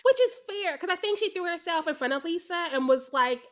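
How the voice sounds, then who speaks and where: A woman co-hosting a casual podcast chat, animated and expressive, acting out quotes, swearing and laughing a lot. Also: very high-pitched, brisk. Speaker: podcast co-host.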